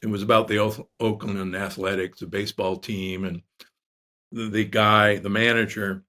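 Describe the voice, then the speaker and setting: An older man, a doctor guest in an interview, telling stories in a lively way with lots of restarts. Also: lowish voice, normal speed. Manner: animated storyteller with many restarts. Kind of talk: casual interview storytelling.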